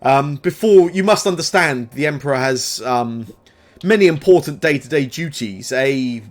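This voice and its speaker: A man putting on an aging court advisor, silver-haired and slick, talking in a raised, formal, falsely welcoming tone for a tabletop game. The voice sits a little higher and louder than the narrator's own. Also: animated, moderate pace, close to an everyday voice.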